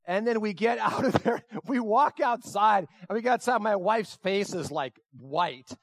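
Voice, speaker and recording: A middle-aged man speaking to an audience, telling a personal story in a lively way, acting out his own excitement and sometimes breaking into shouts. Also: high voice, normal speed, no echo, clean studio sound.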